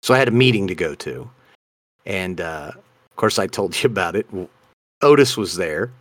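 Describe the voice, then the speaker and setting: A man's voice: deep voice, lively intonation, normal speed, a bit bright, dry recording. A man, co-hosting a casual comedy chat and telling stories in a playful, self-mocking way. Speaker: podcast co-host.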